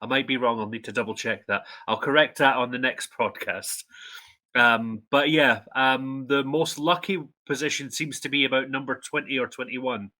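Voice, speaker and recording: A Scottish man acting as the resident expert on a casual music podcast, explaining things in a relaxed way. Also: medium pitch, moderate pace. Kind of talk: casual chat.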